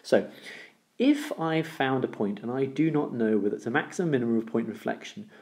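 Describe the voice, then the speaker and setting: A man's voice: medium pitch, very animated, a little fast. A man teaching a recorded maths lesson, explaining step by step, repeating the key rules and checking in with "okay?". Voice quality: gravelly, dark voice.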